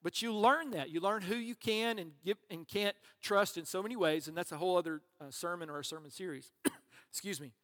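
A man's voice: high voice, brisk, a bit bright. A man preaching a sermon as pastor, conversational and joking, with asides to the congregation. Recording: long reverb of a large hall.

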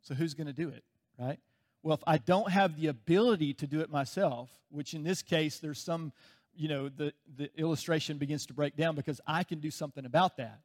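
A man preaching a sermon in a relaxed, conversational way, chuckling often and acting out everyday anecdotes. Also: on the high side, fairly quick. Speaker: pastor.

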